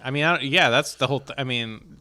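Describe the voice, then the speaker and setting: A man co-hosting a comedy podcast, quick with jokes in casual chat. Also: mid-range voice, pushed and bright, clear, resonant tone. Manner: quick joking banter.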